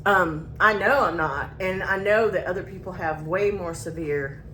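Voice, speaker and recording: A woman's voice: lowish voice, moderate pace, bright, forceful tone, slight background noise. A woman in her forties with a Southern US accent, telling a casual confiding story with a rambling delivery and many restarts. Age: 40s. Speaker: vlogger.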